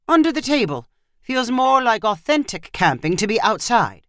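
A woman's voice: a little high, big pitch swings, moderate pace, a bit bright, no echo, clean studio sound, pitched above the performer's own voice. Woman reading as a stubborn frazzled husband. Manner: stubborn and clipped.

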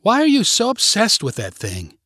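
A man voicing a young woman who is upset and demanding, in a higher pitched voice for a read-aloud story. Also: huge pitch swings, normal speed, bright, forceful tone, no echo, exaggerated voice. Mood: pleading, upset. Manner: high-pitched, insistent.

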